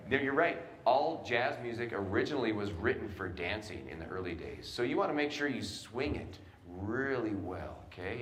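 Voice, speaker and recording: A man coaching a student jazz band in a large concert hall, giving brisk instructions and scatting the rhythms he wants. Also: lowish voice, fairly bright tone, slight background noise. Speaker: jazz clinician. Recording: roomy hall with band behind.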